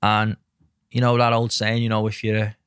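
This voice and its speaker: A middle-aged man, a podcast guest telling lively stories and acting out what others said. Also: lowish voice, moderate pace, smooth, no room sound, studio quality. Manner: lively anecdotes, acts out quotes, says mate a lot. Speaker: podcast guest, mindset coach. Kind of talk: casual storytelling chat.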